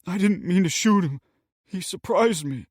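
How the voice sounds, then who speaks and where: A man's voice: high-pitched, lively intonation, normal speed, no room sound, studio quality, voice pushed up. A man voicing a frightened, remorseful teenage male robber who speaks nervously. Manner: nervous, apologetic.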